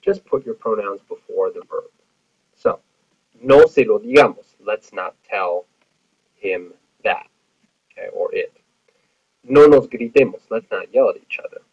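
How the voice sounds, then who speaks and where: Husky-voiced man teaching Spanish grammar. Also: fairly low pitch, animated, a little slow, pauses often. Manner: patient, explanatory, many fillers. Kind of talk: recorded classroom lecture. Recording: tinny phone-like audio.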